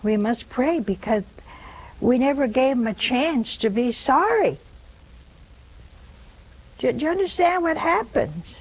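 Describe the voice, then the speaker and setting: A woman's voice: high voice, sing-song, a little slow, pauses often, slightly rough, low-quality recording. An older woman hosting a religious call-in show, preaching earnestly and repeating phrases for emphasis. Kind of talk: preaching to callers.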